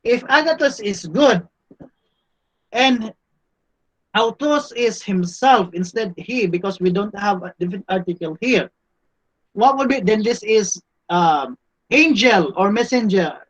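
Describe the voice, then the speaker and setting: Man, classroom teacher, slow and deliberate, repeats himself, asks "no?". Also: high-pitched, lively intonation, low-quality recording. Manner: slow, repeats words, checks with "no?" and "okay?". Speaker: Greek teacher. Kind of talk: classroom lesson.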